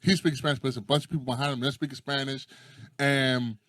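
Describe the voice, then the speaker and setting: A man's voice: medium pitch, fast talker, dry recording. A man in casual chat, telling stories with lots of energy, acting out quotes and swearing freely. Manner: animated storyteller who acts out quotes and swears freely.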